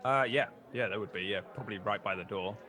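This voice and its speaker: Bright-voiced male game master. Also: lowish voice, quick pace. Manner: descriptive, playful narration. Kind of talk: narrating a tabletop game.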